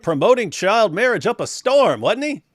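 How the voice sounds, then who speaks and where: A man's voice: high voice, big pitch swings, normal speed, no room sound. A man from West Virginia hosting a casual chat, rambling with frequent restarts. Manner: rambling, many restarts and laughs. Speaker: host.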